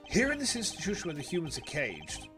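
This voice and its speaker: A man voicing a prim, composed male prosecutor in a measured, dry way while reading game dialogue aloud. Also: fairly high pitch, wildly swooping pitch, over music.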